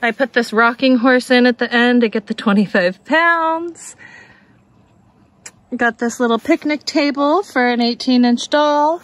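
A woman chatting casually through a shop-with-me vlog, excitable and laughing often as she shows her thrift finds. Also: a little high, measured pace, dry recording. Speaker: thrift reseller vlogger. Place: busy thrift outlet store, then at home.

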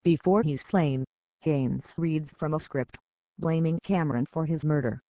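A man reading a scripted news story in a steady read-aloud manner. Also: on the high side, unhurried, no room sound. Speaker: news reader. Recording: tinny phone-like dry sound.

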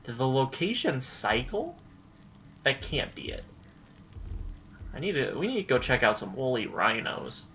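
A young man giving casual let's-play commentary, chatty and easily frustrated, breaking into excited yelling during chases. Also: mid-range voice, unhurried, long pauses, a little hiss or hum. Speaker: gameplay commentator.

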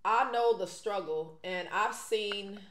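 A woman talks straight to her viewers in animated, indignant vlog chatter. Her voice sits at a middle pitch. The room around her has a noticeable echo. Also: takes it slowly. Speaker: vlogger. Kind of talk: casual mukbang commentary.

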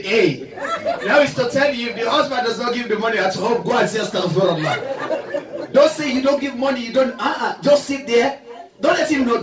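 A male Islamic lecturer giving a religious talk in a mosque hall, jovial and laughing often as he leads the audience in repetition. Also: very high voice. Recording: echoey hall, from far off.

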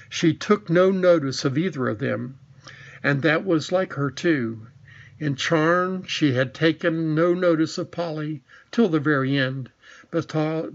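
A man's voice: a little high, gravelly, muffled recording. A man narrating a children's storybook, reading with small slips and restarts. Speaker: audiobook narrator.

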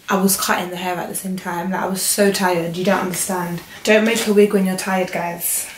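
A young woman with a croaky, hoarse voice, chatting casually and joking to camera while styling a wig at home. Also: mid-range voice. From England. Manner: chatty, joking, self-talk asides. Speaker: hair vlogger. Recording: echoey room, faint noise.

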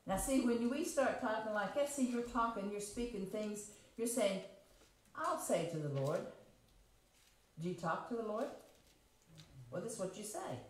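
A woman preacher gives a plain, homespun sermon, reading scripture and then rephrasing it in everyday words. She talks at a medium pitch and asks her listeners questions as she goes. Her voice rings through a very echoey church sanctuary. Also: expressive, measured pace, pauses often. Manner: repeats and rephrases, reads scripture aloud and explains it.

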